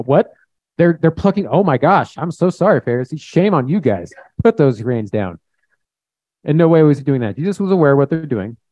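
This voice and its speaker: A man's voice: mid-range voice, warm tone, no echo. Man preaching a casual sermon, muffled sound. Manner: conversational, plain-spoken, with acted-out quotes. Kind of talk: informal sermon with scripture reading. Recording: dull, muffled recording.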